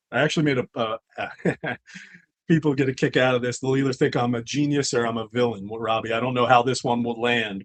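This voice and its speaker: Speaking at a medium pitch, a middle-aged comics publisher appears as a relaxed interview guest. His long story keeps restarting and wandering into asides.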